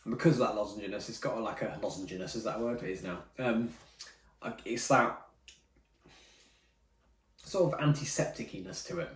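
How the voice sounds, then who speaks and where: A man's voice: fairly low pitch, animated, fairly quick, pauses often. A man chatting casually through tasting notes as a whisky reviewer, rambling and correcting himself as he goes. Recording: roomy, mic at some distance.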